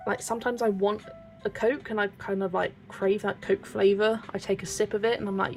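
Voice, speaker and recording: A young British woman with a British accent hosts a colouring channel, chatting casually and giggling as she colours on a livestream and reads viewer comments aloud. Her medium-pitched voice moves little in pitch and runs fairly quick, with faint music in the background.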